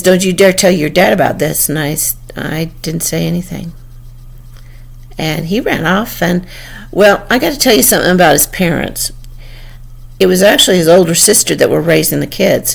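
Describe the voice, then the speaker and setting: An older woman recounts a memory from her childhood in plain, conversational storytelling. Her voice is low and gravelly with a lot of fry, and she often breaks off mid-sentence to restart and to act out what people said. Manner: conversational, with frequent restarts and quoted dialogue. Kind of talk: personal storytelling.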